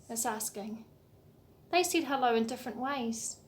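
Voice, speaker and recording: A woman who leads a children's music session online, reading a picture book aloud in a sing-song, animated way, with gasps and questions for the little ones. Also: a little high, moderate pace. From New Zealand.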